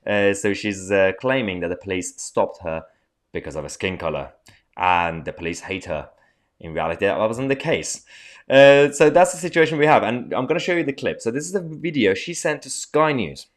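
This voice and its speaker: A man's voice: low voice, expressive, normal speed. A man hosting a political commentary show, talking casually to his viewers in a sarcastic, mocking way with plenty of fillers.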